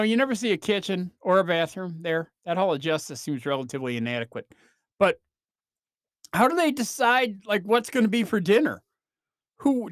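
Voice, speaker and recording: A man hosting a podcast, rambling through a comedic monologue with animated swings and quick mock voices. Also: sits high, no room sound, studio quality. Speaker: podcast host.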